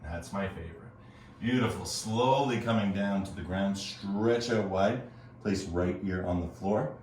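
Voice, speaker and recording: A man teaching a yoga class, calmly cueing breaths and movements with casual asides. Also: deep voice, a little slow, far from the mic, slight background noise. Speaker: yoga instructor. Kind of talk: guided yoga class instruction. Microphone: earbuds. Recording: very echoey room, voice off-mic.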